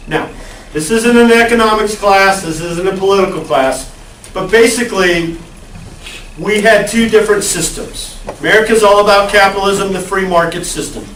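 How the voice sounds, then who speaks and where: A man's voice: high voice, moderate pace, a bit bright, slight background noise. Man lecturing a class in an echoey room. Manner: conversational, asks the class questions. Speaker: college lecturer. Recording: echoey classroom, far from the mic.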